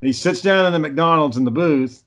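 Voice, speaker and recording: A man's voice: fairly high pitch, moderate pace. Texas guy rambling thru stories, cursing every other word, laid-back chat. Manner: rambling storyteller, heavy swearing. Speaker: amateur filmmaker. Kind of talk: casual chat.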